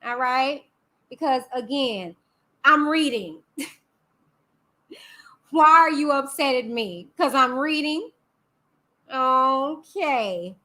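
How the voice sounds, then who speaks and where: A woman's voice: high-pitched, takes it slowly, pauses often, pushed and bright. A woman hosting a casual live-stream commentary, sassy and chatty, talking back to her chat. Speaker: YouTube host.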